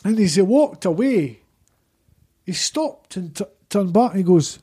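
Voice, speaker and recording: Scottish male podcast guest, husky and mellow, an excitable storyteller. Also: sits high, measured pace. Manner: rambling, excited anecdote teller. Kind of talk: casual storytelling chat.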